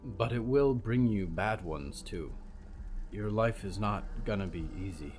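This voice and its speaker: A man voicing a mother who gives her child a quiet, earnest warning. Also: on the low side, expressive, unhurried, faint music behind. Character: caring mother giving a stern warning.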